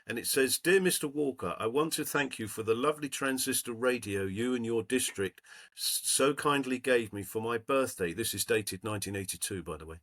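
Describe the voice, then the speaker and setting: A man's voice: mid-range voice, a little fast, a bit bright. A man in casual chat, reading a letter aloud to friends and building playfully to a punchline.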